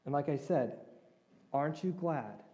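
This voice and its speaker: Mellow-voiced man preaching in a reverberant hall. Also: a little high, lively intonation, a little slow, highs cut off. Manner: conversational, asks listeners questions. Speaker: pastor. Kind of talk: sermon. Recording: long reverb of a large hall.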